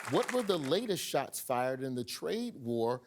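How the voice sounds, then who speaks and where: A man's voice: mid-range voice, very animated, a little slow, a loud crowd, heavy background noise. A man hosting a satirical news show with a punchy, joking delivery. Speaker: comedy news host.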